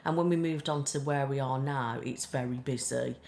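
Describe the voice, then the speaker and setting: A woman's voice: very deep voice, steady tone, moderate pace, vocal fry, a little mellow, a little hiss or hum. A woman with a British accent, an ASMR streamer chatting casually and ramblingly with live viewers, full of "like" and "um". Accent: British English. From Britain. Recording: roomy echo.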